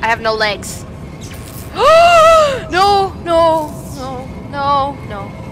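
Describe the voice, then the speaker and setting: Woman gamer for horror commentary, high-pitched, jittery, flips between muttering and frantic yelling. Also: big pitch swings, slow, over music. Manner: jumpy, swings between hushed muttering and panicked yelling. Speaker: gaming video creator.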